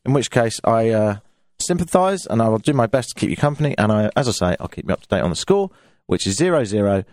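Animated London man hosting radio. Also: no room sound, clean studio sound. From England. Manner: chatty, self-mocking, with playful pitch swings. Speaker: radio talk show host. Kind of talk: casual radio monologue. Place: radio studio. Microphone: studio microphone.

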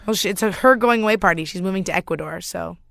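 A woman's voice: mid-range voice, quick pace, vocal fry, dry recording. A young woman co-hosting a radio show, easygoing and chatty, laughing along. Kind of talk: casual radio chat.

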